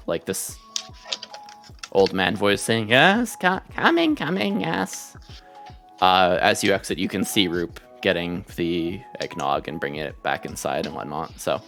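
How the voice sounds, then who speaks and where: A man's voice: low voice, a bit bright. A man narrating a tabletop game as game master in a loose, chatty way.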